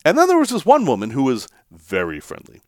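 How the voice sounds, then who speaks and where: A man's voice: medium pitch, huge pitch swings, brisk, dry recording, studio quality. A man casually telling a story to his camera, chatty and self-deprecating, laughing now and then. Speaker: van life vlogger.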